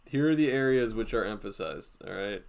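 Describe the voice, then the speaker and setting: A man giving a casual live drawing lesson, walking through each step out loud with lots of "like" fillers. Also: fairly low pitch, lively intonation, brisk, gravelly. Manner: thinks aloud, step-by-step, frequent "like" fillers. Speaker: drawing instructor streaming a class.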